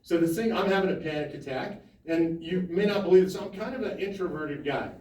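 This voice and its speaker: A man at a town hall, telling an animated story full of quoted dialogue and laughter. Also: on the high side, brisk. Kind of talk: storytelling to an audience. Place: town hall meeting room. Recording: echoey hall from a distance.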